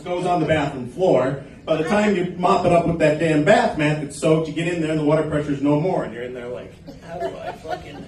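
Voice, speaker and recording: A man's voice: fairly high pitch, darkish tone. Crude male stand-up in an echoey club. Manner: crude, teasing the crowd. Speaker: stand-up comedian. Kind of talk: open mic stand-up set. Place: small comedy club stage. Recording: echoey club, recorded from a distance.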